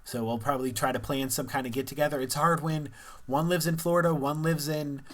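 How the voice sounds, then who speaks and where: A man's voice: fairly high pitch, fairly even intonation, a little fast. A young man from Missouri talking candidly in a casual personal vlog, rambling and laughing now and then. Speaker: vlogger.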